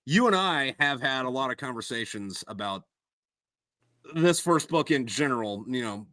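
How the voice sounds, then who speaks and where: A man's voice: medium pitch, expressive, normal speed, sharp tone, no room sound. A man hosting a casual podcast chat, rambling loosely, swearing often and stumbling over restarts. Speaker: podcast host and author.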